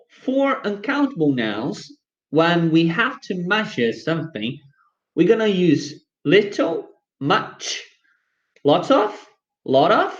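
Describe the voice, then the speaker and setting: Man teaching English on a stream. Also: fairly high pitch. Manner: coaxing, upbeat, talks straight to viewers. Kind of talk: live-streamed English lesson. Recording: dull lo-fi stream audio.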